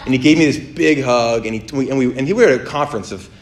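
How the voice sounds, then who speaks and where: Animated man preaching, roomy echo. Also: very fast. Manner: animated storytelling, acts out voices with big pitch jumps. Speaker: pastor. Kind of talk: sermon on a podcast.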